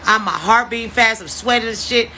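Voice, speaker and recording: A woman in her fifties telling a story casually, in a blunt, profane and animated way. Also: on the high side, fairly quick, slight background noise, rough recording. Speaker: storyteller vlogger.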